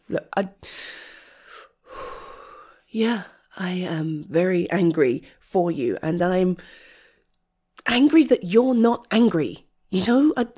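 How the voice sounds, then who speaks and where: Breathy, indignant woman in role-play. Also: mid-range voice, a little mellow. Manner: fiercely protective, indignant, exasperated sighs. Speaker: audio role-play creator. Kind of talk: comfort role-play addressed to the listener.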